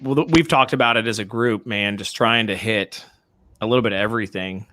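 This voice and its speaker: A man's voice: fairly low pitch, a little fast, bright, forceful tone, dry recording. A man co-hosting a podcast in casual chat, laid-back and rambling. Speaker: podcast co-host.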